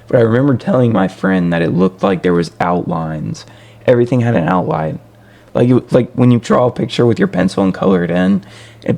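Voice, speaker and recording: Gravelly, lively storytelling man. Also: medium pitch. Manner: rambling, animated, full of fillers. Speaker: vlogger. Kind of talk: casual storytelling.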